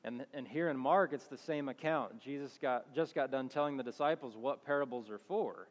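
A man's voice: medium pitch, normal speed. Man teaching scripture in a reverberant hall. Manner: conversational, restarts and self-corrections. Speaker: Bible teacher. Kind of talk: sermon with scripture reading.

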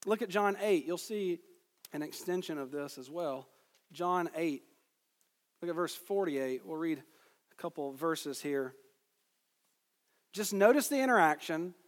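High-voiced man preaching in a reverberant hall. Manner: emphatic, rising on key phrases. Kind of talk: sermon with scripture reading.

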